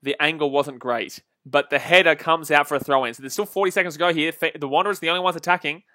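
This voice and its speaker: A young man casually commenting on a football match live and answering viewer comments, chatty and quick to laugh. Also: a little high, bright, forceful tone, no room sound, clean studio sound. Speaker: livestream football watch-along host.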